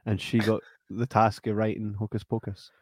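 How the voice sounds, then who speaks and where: A man's voice: on the low side, normal speed, dry recording, clean studio sound. Sweary man ranting about films. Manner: blunt, sweary, animated when ranting. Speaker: podcast co-host. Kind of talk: casual film review chat.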